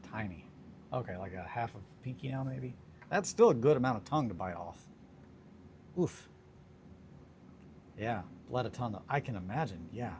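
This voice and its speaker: A man's voice: medium pitch, animated, normal speed, long pauses, noisy background. A young man casually chatting with viewers on a livestream while he works on a hobby project, joking around and reading chat aloud. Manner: laid-back, joking, reads chat aloud.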